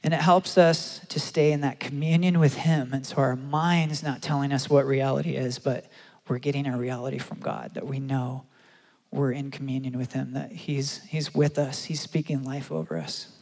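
A man preaching a sermon and telling a story, acting out the quotes with animated delivery. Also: mid-range voice, normal speed, vocal fry. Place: large church hall. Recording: long hall reverb.

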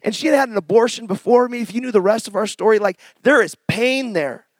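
A middle-aged man preaching a testimony sermon, telling his story with passion and bursts of shouting, then reading scripture slowly and softly. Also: sits high, dry recording.

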